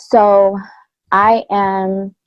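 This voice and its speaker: A woman's voice: medium pitch, level tone, very slow, clean tone, dry recording. A woman co-hosting a podcast, candidly and earnestly retelling a personal experience in casual chat, with blunt slang. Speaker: podcast co-host. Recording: dry, slightly dull lo-fi sound.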